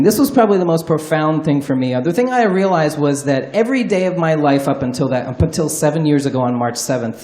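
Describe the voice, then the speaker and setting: A man telling a wry, candid, profanity-laced comedic story live on stage at a storytelling show. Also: on the high side. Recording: roomy live venue sound.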